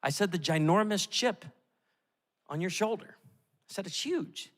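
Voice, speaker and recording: A middle-aged male pastor delivers a sermon with lively storytelling, acting out the voices he quotes. His voice is bright and sits slightly high. It rings with the long reverb of a large church auditorium. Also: moderate pace.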